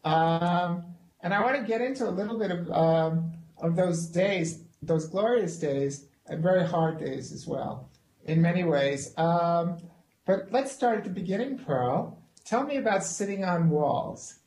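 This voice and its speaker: Slow, hesitant talk show host. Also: male voice, sits high, darkish tone, roomy sound, poor audio. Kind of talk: casual interview chat.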